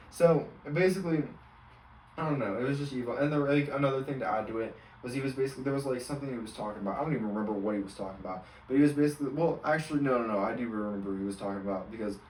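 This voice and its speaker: A man's voice: mid-range voice, racing, darkish tone, far from the mic, a little hiss or hum. Rambling young man in a roomy space. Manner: rambling, filler-heavy, exasperated. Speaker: college student vlogger. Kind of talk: casual storytelling rant.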